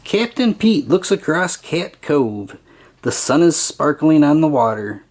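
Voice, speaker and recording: Slow, expressive children's story reader. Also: medium pitch. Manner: slow, expressive, sing-song. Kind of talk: children's read-aloud narration.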